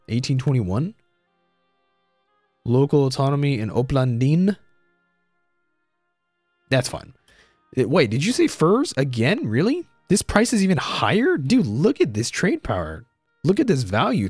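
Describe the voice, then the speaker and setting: A young man talks through his strategy game in a loose, thinking-aloud way, his pitch swinging up and down as he goes. He repeats himself and drops in casual slang. The sound is close and dry on a desk microphone, with faint music underneath. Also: no echo. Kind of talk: casual let's-play commentary.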